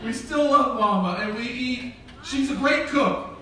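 A man's voice: very high-pitched, measured pace, bright, forceful tone, slight background noise. A middle-aged man preaching a sermon as pastor, telling a humorous story and acting out the dialogue. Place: church sanctuary. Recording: very echoey church hall from far off.

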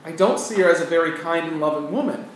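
A man delivers a sermon in an earnest preaching voice, swelling for emphasis and dropping for quiet asides. His voice sits a little high. The mic is set back, in a very echoey room with faint noise behind. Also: quick pace, recorded from a distance. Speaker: pastor.

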